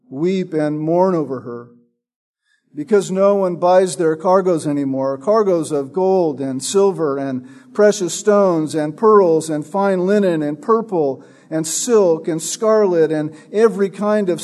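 A man preaching a sermon, teaching from a Bible passage with a slow, emphatic, drawn-out delivery. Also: sits high, a little mellow.

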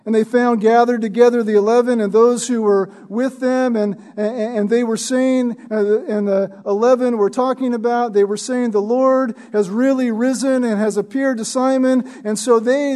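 A man's voice: very high voice, warm tone. A man preaching a sermon in an emphatic way, reading scripture and often asking "right?". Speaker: pastor.

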